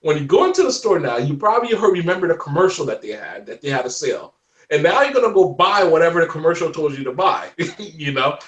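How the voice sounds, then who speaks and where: A man in his forties telling stories in a casual interview chat, animated and laughing often. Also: on the high side, quick pace, roomy sound, distant mic. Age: 40s. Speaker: guest.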